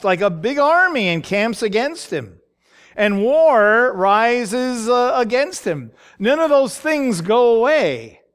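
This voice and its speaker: A man preaching a sermon with a high, clear and smooth voice. He talks slowly and thoughtfully, stopping often for fillers and restarts and checking in with "right?". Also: fairly bright tone. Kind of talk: sermon teaching on a psalm.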